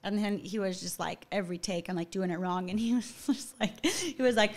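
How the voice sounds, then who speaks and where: A woman's voice: mid-range voice, a little fast, few pauses. Chatty young woman saying "like" a lot. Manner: chatty, fills talk with "like". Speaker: actor guest. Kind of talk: casual podcast interview.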